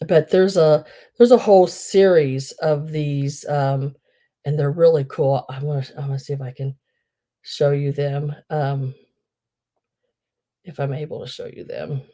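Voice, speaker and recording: A woman hosts a live online sale with a low, mellow voice. She chats casually and rambles, filling pauses with "um" and restarting sentences. Her tone stays soft rather than bright. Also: gravelly. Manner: chatty and rambling, many fillers.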